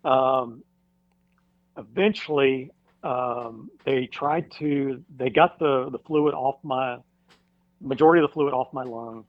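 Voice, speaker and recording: Halting and restarting often, with plenty of fillers, a male firefighter recounts a personal story as a guest in a casual podcast interview. His pitch is medium, and the dull, dry recording has no echo.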